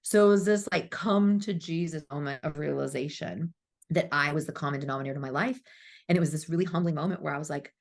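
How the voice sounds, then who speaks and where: A woman's voice: sits low, quick pace, creaky. A woman in her thirties, a spiritual coach, telling her story as a podcast guest, candid and swearing freely, acting out her past self. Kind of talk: emotional storytelling interview.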